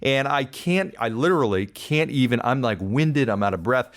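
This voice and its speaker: A man hosting a podcast, telling a personal story in an animated, self-deprecating way. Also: mid-range voice, moderate pace. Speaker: podcast host. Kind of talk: casual storytelling monologue.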